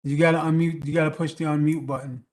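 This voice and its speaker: A man hosts an open mic over a video call. He jokes, teases his guests and tells stories with real animation. His voice sits a little high for a man. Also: fast. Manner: joking, animated storyteller. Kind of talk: casual chat on a video call.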